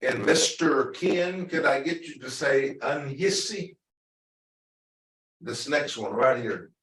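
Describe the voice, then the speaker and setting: Speaking slowly and expressively, a man with a somewhat bright, mid-pitched voice runs an online language lesson. He repeats words with patience and asks his students to echo them, while a far-off mic captures echo and noise.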